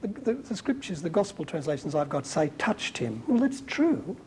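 Animated, colloquial male preacher. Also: fairly high pitch, normal speed, a little hiss or hum, rough recording. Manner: animated, colloquial, warmly emphatic. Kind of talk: conversational Bible teaching.

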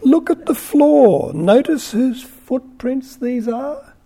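A man reading a calm, wry young prophet. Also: extremely high pitch, slow, creaky, breathy edge, pitched above the performer's own voice, heavily acted. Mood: measured.

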